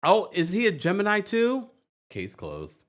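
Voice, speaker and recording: A man hosting a reality TV recap livestream, chatting casually, reading viewer comments and laughing often. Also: unhurried. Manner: animated, laughs often, jumps into high squeals. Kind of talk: casual livestream chat reading super chats.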